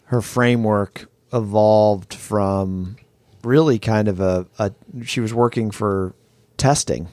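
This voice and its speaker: A man's voice: on the low side, darkish tone, no room sound. Chatty male podcast host, dry sound. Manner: easygoing, chatty, quick asides. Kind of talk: casual chat.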